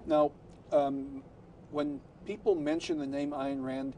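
A man hosting a cable talk show, asking his guest questions in a measured, conversational way. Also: high voice, very animated, creaky, mellow, a little hiss or hum. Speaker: host.

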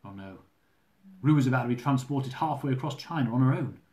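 A man reading his own humorous travel memoir aloud, lively and dramatic, with comic swearing. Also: mid-range voice, a little fast. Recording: roomy echo.

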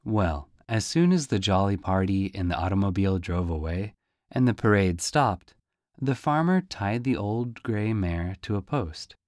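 Lively low-voiced man reading a storybook. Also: no echo, studio quality. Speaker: audiobook reader. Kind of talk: storybook narration.

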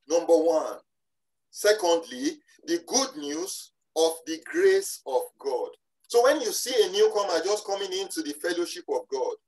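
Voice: medium pitch, low-quality recording. Emphatic preacher delivering a sermon. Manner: emphatic, slowing down on key phrases; repeats and restarts phrases. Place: church service.

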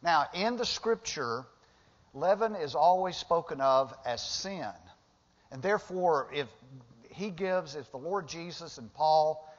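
A male pastor preaching from the pulpit with a somewhat high voice, easygoing and conversational, then lifting into emphatic bursts. His voice carries a long church echo, and the recording sounds muffled and lo-fi. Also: lively intonation, unhurried. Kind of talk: sermon. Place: church sanctuary. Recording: dull lo-fi sound with long hall reverb.

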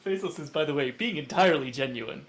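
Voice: mid-range voice, fast, crowd noise. A tabletop game player speaking in a dry, joking way. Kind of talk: tabletop role-play.

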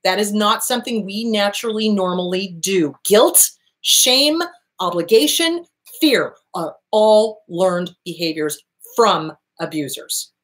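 A woman's voice: mid-range voice, a little slow. A woman therapist hosting an advice talk, speaking bluntly and emphatically with frequent profanity and acted-out bits of dialogue. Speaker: therapist and show host. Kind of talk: direct-to-camera advice talk.

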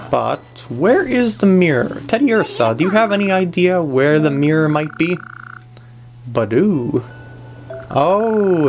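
A woman's voice: low-pitched, darkish tone, slight background noise. A woman giving playful, chatty commentary on a video game she is playing, often talking to the characters on screen. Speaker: gaming commentator. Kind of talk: let's play commentary. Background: faint game music.

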